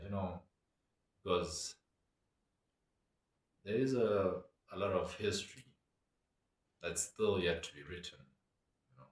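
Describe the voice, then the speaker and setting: Low-voiced guy w a rambling thoughtfully, sounds far off in a roomy space. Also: slow, long pauses. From Botswana. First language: Setswana. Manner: reflective, meandering. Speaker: cultural commentator. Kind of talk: casual monologue. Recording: echoey room, away from mic.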